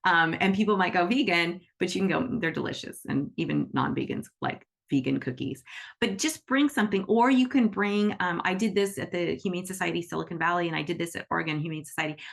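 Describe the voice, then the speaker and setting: A woman's voice: fairly low pitch, creaky, a bit bright. A woman teaching on a group call, chatty, acting out little quoted conversations and often asking "right?". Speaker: animal Reiki teacher.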